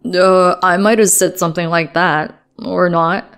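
A woman's voice: lowish voice, moderate pace, lightly acted. A woman narrator voicing a callous husband who mocks his pregnant wife and then stammers apologies, with faint music behind. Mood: stammering. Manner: dismissive, then nervous stammering.

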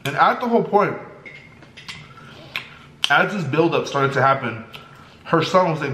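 A young man vlogging while eating, telling a story in a lively way and acting out the people in it. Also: a little high, measured pace, long pauses. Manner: animated, acts out the people in his story. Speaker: mukbang vlogger. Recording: echoey room, faint background noise.

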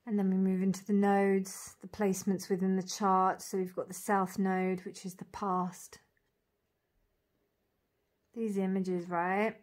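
A woman walking through an oracle deck card by card, calling out each name and meaning with soft, gushing admiration. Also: medium pitch, flat delivery, measured pace. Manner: dreamy, admiring, lingers on single words; soft laughs and gushing asides. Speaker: tarot reader reviewing an oracle deck. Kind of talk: casual unboxing walk-through.

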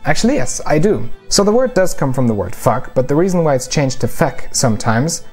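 A man's voice: on the high side, big pitch swings, brisk, a little mellow, husky, faint music behind. A man whose first language is German, narrating a linguistics lesson in a sarcastic, irreverent, jokey way. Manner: sarcastic, irreverent, swears for comedy. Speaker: linguistics video host. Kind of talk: scripted narration with jokes.

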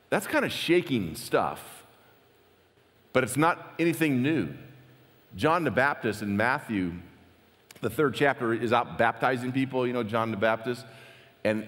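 A man preaching a conversational sermon as pastor, animated and lively, acting out the quotes he tells. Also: mid-range voice, in a large hall.

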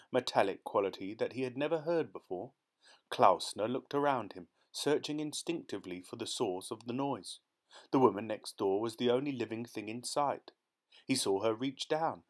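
A man narrating a short story as an audiobook reader, in a steady, measured way. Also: medium pitch. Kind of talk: scripted narration.

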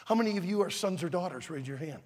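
An older man preaching to a youth conference in a large auditorium, emphatic and shouting his key words. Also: high voice, lively intonation, quick pace. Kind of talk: sermon. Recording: long reverb in a large hall.

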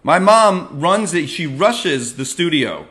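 A middle-aged man hosting a comic monologue, ranting and self-mocking with sudden loud yells. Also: a little high, animated, slow pace. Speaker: comedian host.

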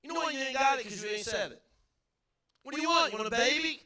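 A middle-aged male pastor preaching fervently in a church, leading the congregation in call-and-response and at times shouting. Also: very high voice, expressive, fast. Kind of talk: sermon. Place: church sanctuary.

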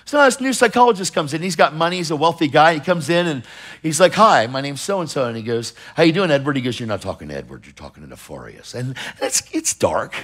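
A middle-aged man preaching a sermon with emphatic urgency, swinging between loud pushes and hushed asides and acting out the voices of people in his stories. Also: fairly high pitch, animated, brisk. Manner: acts out others in quoted voices while storytelling.

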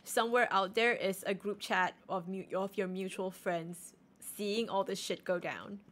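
A woman in her late twenties chatting casually on a live stream while she plays, animated, joking and self-mocking. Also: mid-range voice, a little slow. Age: late 20s. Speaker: game streamer.

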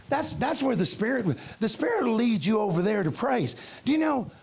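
A middle-aged male pastor preaching a revival sermon, telling stories and acting out his own past outbursts with shouts, in a church. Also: high-pitched, vocal fry, slightly rough. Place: church sanctuary.

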